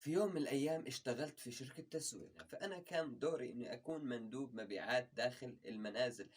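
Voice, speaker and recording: A man with a husky voice telling a comic story in an animated, rapid way. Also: mid-range voice. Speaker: stand-up comedy contestant. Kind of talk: stand-up comedy storytelling. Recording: distant mic.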